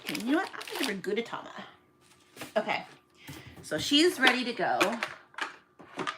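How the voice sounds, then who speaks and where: A woman chatting casually to viewers while she packs orders, self-mocking and counting items out loud. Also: fairly high pitch, wildly swooping pitch, brisk, very noisy. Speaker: small online shop owner. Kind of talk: casual vlog chat to viewers.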